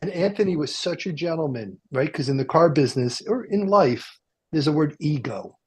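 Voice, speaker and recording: A man's voice: fairly high pitch, expressive, normal speed, a little mellow, breathy edge. A man hosting a radio talk show from a car dealership, rambling and joking with plenty of fillers and restarts. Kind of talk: casual chat.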